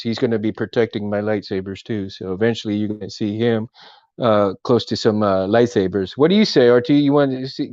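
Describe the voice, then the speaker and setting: A man's voice: medium pitch, a little mellow, no room sound. Casual male home vlogger, filler-heavy, chuckling; dry, muffled handheld audio. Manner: rambling, laughing, many fillers. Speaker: vlogger and collector. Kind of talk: casual chat to camera. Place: room at home. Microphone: camera handheld while walking.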